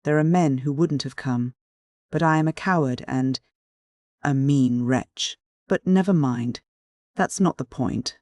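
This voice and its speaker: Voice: medium pitch, a little slow, darkish tone, no room sound, natural voice. An audiobook reader voicing a tormented young man who confesses in despair, read in a dry, close recording. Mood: anguished. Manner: pleading, despairing dialogue. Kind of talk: audiobook character dialogue.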